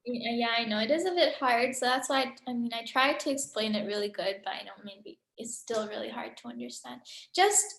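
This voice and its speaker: A woman's voice: on the high side, a little fast, vocal fry, fairly bright tone, echoey room. A woman teaching a Quran recitation class over a video call, chatty and full of filler words. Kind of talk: casual online class teaching.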